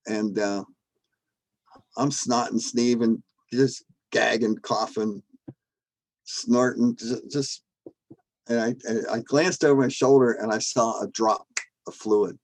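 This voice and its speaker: Older man telling a lively story. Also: medium pitch, no echo, low-quality recording. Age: 70s. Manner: animated, acts out shouting in his quotes, laughs between lines. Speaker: guest, former drag strip starter.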